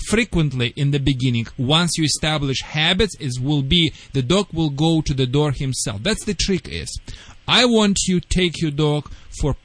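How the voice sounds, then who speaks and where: Non-native guy, dog trainer on radio, high-ish voice, broken english, bossy step by step, dry studio sound. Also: a bit bright, no room sound. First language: not English. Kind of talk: radio call-in advice.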